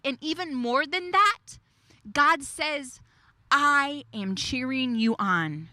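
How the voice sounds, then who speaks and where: High, bright-voiced woman preaching slowly. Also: lively intonation. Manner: emphatic, repeats key phrases, slows on declarations. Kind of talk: devotional sermon.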